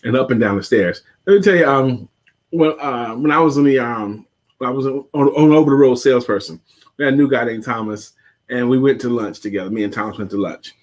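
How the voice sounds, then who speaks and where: A middle-aged man co-hosting a casual live show, telling a story with halting fillers and restarts, chuckling along. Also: medium pitch. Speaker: co-host.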